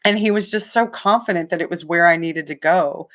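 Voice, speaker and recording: A woman guest with a lowish voice speaks frankly and openly in a radio interview. She tells her story with animation and drops into quoted dialogue as she goes. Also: fairly quick, a bit bright. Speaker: author guest.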